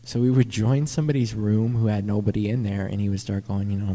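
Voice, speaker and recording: A young man telling a rambling, profane story, excited and stumbling over his words. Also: lowish voice, quick pace, big-room sound. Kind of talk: casual profane anecdote.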